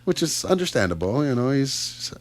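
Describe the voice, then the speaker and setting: A man's voice: medium pitch, very animated, moderate pace. A Canadian man hosting a casual radio chat show, upbeat and chatty with lots of fillers and asides. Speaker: radio host. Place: radio studio.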